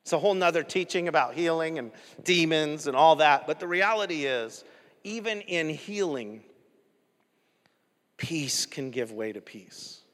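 A man preaching with a fairly high voice, animated and chatty, breaking into laughter as he makes his points. The sermon rings through a hall with a long, trailing reverb. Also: unhurried. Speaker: pastor.

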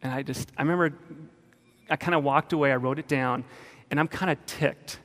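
A man telling a personal testimony in a sermon, animated, sometimes shouting. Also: medium pitch, a little fast, pauses often, in a large hall. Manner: animated storytelling, bursts of shouting.

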